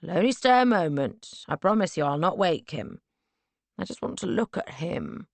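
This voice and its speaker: A woman voicing a brazen, tipsy young gentleman who pleads in a hushed, insistent voice in an audiobook. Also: lowish voice, sing-song, moderate pace, vocal fry, dry recording, exaggerated voice. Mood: pleading.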